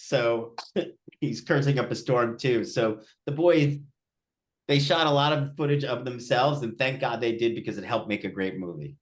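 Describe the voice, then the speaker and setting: This male film director speaks at moderate speed with a mid-range voice during a Q&A after a screening. His storytelling is relaxed and lively, full of acted-out quotes and frequent restarts.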